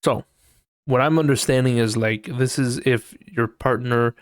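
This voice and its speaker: A man's voice: medium pitch, steady tone, a little slow, no room sound, clean studio sound. A man hosting a casual solo podcast. He thinks aloud while reading, swears freely, and acts out quoted people in exaggerated voices. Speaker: podcast host.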